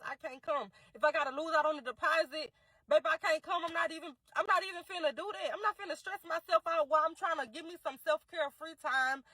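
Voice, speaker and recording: Blunt high-voiced young woman ranting. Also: sharp tone, no echo, low-quality recording. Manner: blunt, exasperated, heavy slang. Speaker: commentator. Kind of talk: casual reaction commentary.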